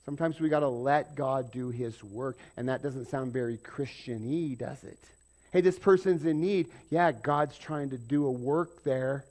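A man preaching a conversational sermon, jumping from loud emphatic bursts to quiet asides. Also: medium pitch. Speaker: pastor.

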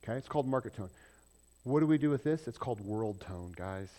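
A male pastor mid-sermon speaks briskly with a middle-pitched voice, lively and conversational. He keeps putting questions to the congregation and swings often between loud emphasis and quiet asides.

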